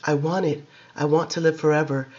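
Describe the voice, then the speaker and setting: A man's voice: a little high, flat delivery, fairly quick, darkish tone, dull audio, natural voice. A man reading aloud, voicing a frightened young man who pleads weakly. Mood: pleading. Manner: pleading, weak.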